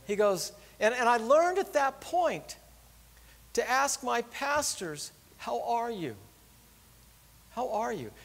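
A middle-aged pastor preaching a conversational, earnest sermon in a church. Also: male voice, sits high, in a large hall. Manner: earnest, conversational, drops soft when pleading.

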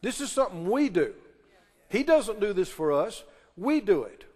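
A pastor preaching a sermon in a church, emphatic and pressing the congregation with questions and call-and-response. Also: male voice, high voice, big pitch swings, normal speed, a little mellow, slightly rough. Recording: long reverb of a large hall.

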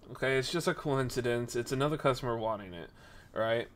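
A man hosting a podcast, telling a rambling story in a casual, animated way, correcting himself as he goes and acting out the people in it. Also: brisk. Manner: animated, acts out the people in his story with jumps in pitch and volume. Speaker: podcast host.

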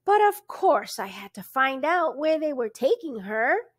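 Woman reading as a tight-lipped stranger, polite but cold, slow and clipped. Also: high-pitched, sing-song, no echo, clean studio sound, voice pushed up. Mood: clipped courteous. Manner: clipped and patient. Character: cold, courteous, secretive man in a yellow suit.

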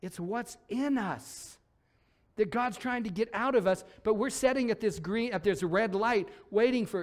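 A man preaching a lively sermon as pastor in a church, acting out voices as he goes. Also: high-pitched, unhurried. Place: church sanctuary.

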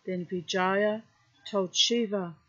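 A woman storyteller reading a myth aloud outdoors in a calm, unhurried way. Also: mid-range voice, slightly rough. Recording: dull lo-fi recording.

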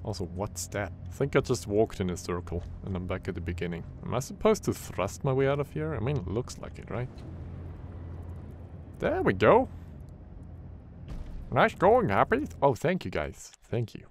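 Excitable, swearing game commentator. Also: male voice, lowish voice, brisk, hardly any pauses, a little hiss or hum. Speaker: gaming channel host. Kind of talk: horror game let's play commentary.

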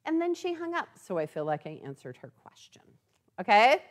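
A woman's voice: on the high side, brisk. A woman giving a chatty live product demonstration in a sewing store, often checking in with "okay?". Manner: chatty, animated, tags lines with "okay?".

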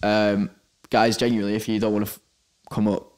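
Casual male podcast co-host, a little low-pitched, tells loose, rambling stories. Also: little pitch movement, brisk, darkish tone, smooth. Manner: rambling storytelling with many restarts. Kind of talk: casual chat. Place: indoors at a venue.

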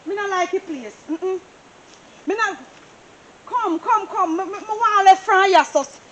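A woman's voice: extremely high pitch, unhurried, slight background noise. A woman with a Jamaican accent playing a woman who insists, over and over, on leaving a plot of land she fears, in a comedy stage play. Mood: uneasy. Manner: insistent, repeating herself, agitated.

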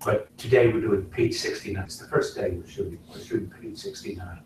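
A middle-aged man, an actor giving a casual lecture to a class, talking in an animated way and swinging between loud and soft to make his points. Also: mid-range voice, moderate pace, background noise. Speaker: guest actor speaking to a class. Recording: very echoey room, from far off.

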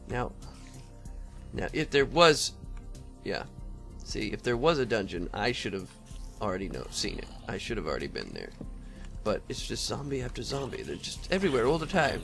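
A man's voice: mid-range voice, fairly bright tone. A man giving casual, rambling commentary over his own gameplay, talking to the monsters and often laughing. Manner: rambling, talks to mobs, frequent laughs and throat clearing. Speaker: Let's Play gamer.

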